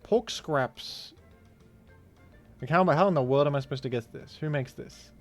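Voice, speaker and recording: A man streaming a food guessing game, talking casually with animated, incredulous outbursts. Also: on the high side, moderate pace, soft background music. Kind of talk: casual gaming commentary.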